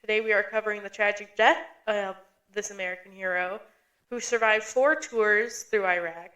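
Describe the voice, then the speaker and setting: A woman's voice: medium pitch, steady tone, moderate pace, bright, forceful tone. A woman from the US Midwest co-hosting a podcast, playful and jokey, with theatrical intros and banter. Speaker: podcast co-host. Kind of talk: casual podcast chat.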